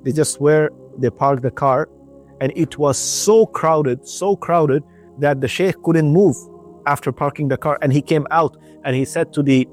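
A man's voice: a little high, a little slow, faint music behind. A man telling a religious story on the radio, often repeating his phrases and using Arabic religious terms. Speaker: storyteller on a community radio station.

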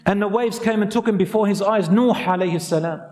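A man's voice: high voice, a little fast, darkish tone, echoey room, faint music behind. A man giving an earnest radio sermon as an imam, exhorting his listeners and mixing Arabic phrases into his English.

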